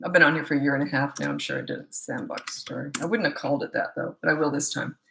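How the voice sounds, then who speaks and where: A woman's voice: low-pitched, quick pace, vocal fry, reverberant, slight background noise, poor audio. A woman parenting coach chatting casually in a live Q&A, telling stories with lots of laughter. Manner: animated storyteller, laughs often.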